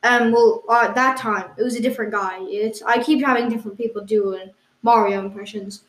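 Woman cohost insisting on silly stuff with a straight face, lots of ums, fairly high voice, echoey. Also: steady tone, brisk. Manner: hesitant, insisting on absurd claims with a straight face. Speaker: podcast co-host. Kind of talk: improvised comedy banter. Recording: echoey room.

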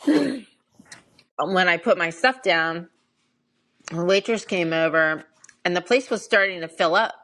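A middle-aged woman with a fairly low voice chats candidly on a podcast. She tells her dating stories at an easy, conversational clip, padding them with ums and you-knows. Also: a little slow, pauses often, a bit bright. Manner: candid storytelling with frequent fillers. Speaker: podcast co-host. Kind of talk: casual chat.

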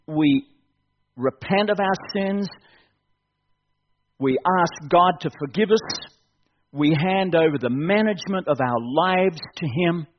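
A man's voice: high-pitched, slight background noise. A man preaching a fervent evening sermon at a church service, building to urgent appeals and repeating his key phrases. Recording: dull lo-fi sound.

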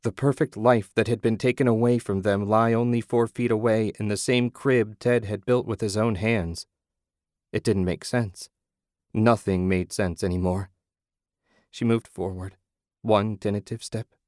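A man narrating an audiobook story in a measured, low-key way. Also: fairly even intonation, a little mellow, no room sound, clean studio sound.

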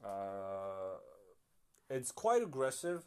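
A man's voice: fairly low pitch, big pitch swings, very slow, clean tone. Casual, chatty man thinking aloud. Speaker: podcast host. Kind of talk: casual solo podcast commentary.

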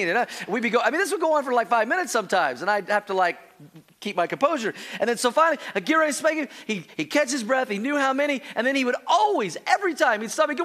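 A man preaching a sermon, telling family stories with acted-out voices, then turning soft and earnest. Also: very high-pitched. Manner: animated storytelling, acting out his child's pleading voices; drops to a soft, slow earnest tone for the teaching. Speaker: pastor.

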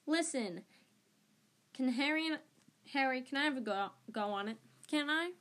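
An excitable teenage boy wizard, as a woman reader puts him on, quick-tempered and eager. The voice sits somewhat high and pushes forward with a raised, hurried energy. It comes from an amateur audiobook reading. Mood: impatient.

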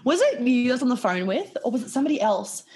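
Woman chatting fast and giggly, kinda high voice, swears a lot, all over the place. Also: sing-song, a little mellow, slightly rough. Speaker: podcast co-host. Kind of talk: casual chat.

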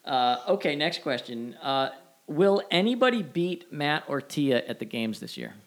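Joking man with a higher voice. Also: a little slow. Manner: relaxed, laughing, joking questions. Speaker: co-host. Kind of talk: casual podcast chat.

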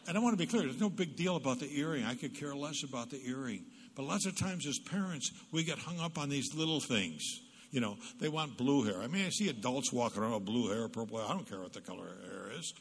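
A man's voice: mid-range voice, animated, fast talker, slightly rough. A psychologist giving a humorous parenting talk at church, a storyteller who acts out the quotes he tells. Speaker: guest speaker, psychologist. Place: church hall. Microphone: PA microphone. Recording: reverberant church hall.

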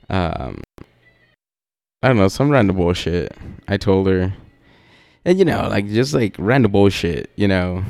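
In a dry recording, a young podcast host rambles through a story, laid-back and profane, leaning on fillers. His lowish voice swings widely in pitch, moves slowly with vocal fry, and pauses often.

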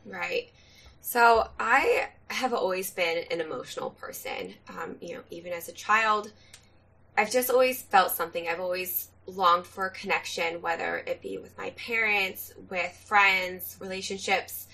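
A hoarse woman guest on a casual podcast interview, speaking in an earnest, reflective way. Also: mid-range voice, measured pace, sharp tone. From California.

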